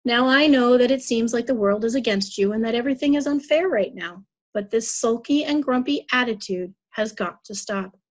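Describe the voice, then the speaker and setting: A woman voicing a gentle but stern grandmother in a children's story read aloud, talking calmly and firmly. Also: a little high, natural voice. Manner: calm, firm, scolding softly.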